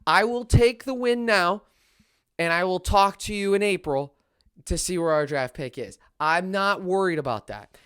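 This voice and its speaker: Brief: young male sports podcaster, loud, ranting, trash-talks rivals. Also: high-pitched, normal speed, clean tone. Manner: excitable, ranting, trash-talking. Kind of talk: solo sports rant.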